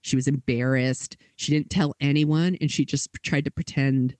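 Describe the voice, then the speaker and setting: A man hosting a podcast, telling a story in a casual way, with lots of fillers and quick acted quotes. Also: mid-range voice, steady tone, a little mellow, no room sound. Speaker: podcast host.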